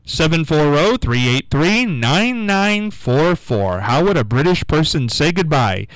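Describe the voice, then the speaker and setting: Slow, drawn-out male radio quiz host. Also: fairly high pitch, very animated, dry recording, low-quality recording. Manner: drawn-out, repetitive coaxing, reads phone number slowly. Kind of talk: call-in radio game show. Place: radio studio.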